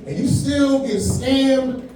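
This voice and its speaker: A man's voice: very high-pitched, slow, background noise. Laid-back man in his forties, echoey club. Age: 40s. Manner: laid-back, conversational delivery with frequent "man" and "you know what I'm saying". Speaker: stand-up comedian. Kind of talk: stand-up comedy set. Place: comedy club stage. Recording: echoey club sound from far off.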